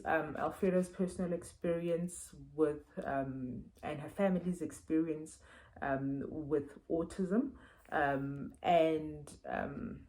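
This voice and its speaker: A South African woman chats casually about books she has read, her voice low and soft-edged. She talks warmly off the cuff, trailing into "um" and restarting her words as she goes. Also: poor audio. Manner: chatty, many fillers and restarts. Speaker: book reviewer. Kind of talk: casual chat.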